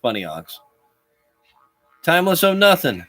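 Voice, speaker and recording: A man's voice: fairly low pitch, lively intonation, measured pace, a bit bright, dry recording, faint music behind. A man chatting with viewers on a live stream, rambling and laughing often. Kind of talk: casual live-stream chat.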